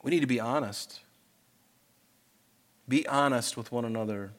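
A man preaching a sermon to a congregation in church, earnest and pleading, swinging between loud urging and soft asides. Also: medium pitch, normal speed. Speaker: pastor.

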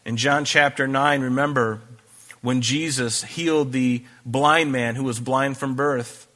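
A man's voice: medium pitch, fairly even intonation, a little slow, sharp tone. A man preaching a sermon, reading scripture aloud and breaking off into conversational asides. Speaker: pastor.

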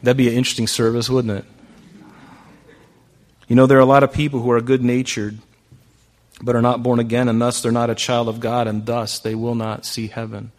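A man's voice: medium pitch, level tone, a little fast, long pauses. A male pastor preaching a sermon in a conversational way, often asking the congregation rhetorical questions.

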